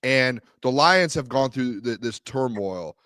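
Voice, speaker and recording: A man co-hosting a sports talk show, ranting in an animated way and repeating himself. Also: medium pitch, unhurried, clear, resonant tone, no echo. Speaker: co-host.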